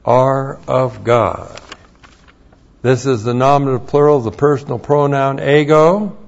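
Emphatically working through the Bible verse by verse, a pastor repeats key phrases and spells out Greek words. His mid-range voice is a little mellow and slightly rough, and the sermon recording is dull and lo-fi.

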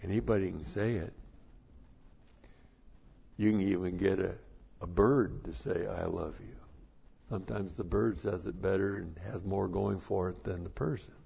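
A man preaching a sermon, slow and deliberate, repeating his numbered points for emphasis. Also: low-pitched, fairly even intonation, vocal fry, dark tone, slightly rough, muffled recording.

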